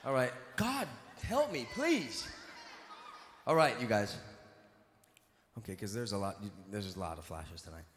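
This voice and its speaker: A man's voice: fairly low pitch, lively intonation, fairly quick, long pauses, slight background noise. A man on stage teasing a live audience in a playful, mock-indignant way. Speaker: comedic performer on stage. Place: large venue on stage. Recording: echoey hall, live room ambience.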